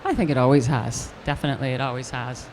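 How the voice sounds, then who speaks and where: An older actress telling an animated story in a live stage interview, acting out the voices of the people she quotes. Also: extremely low pitch, fast talker, slight background noise. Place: convention stage with audience hall ambience.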